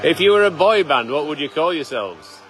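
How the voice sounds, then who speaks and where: A man's voice: fairly high pitch, lively intonation, brisk. A man, a farmer hosting a live stream, chatting casually and teasing his colleagues. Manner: chatty, teasing, with frequent restarts. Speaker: farmer and livestream host.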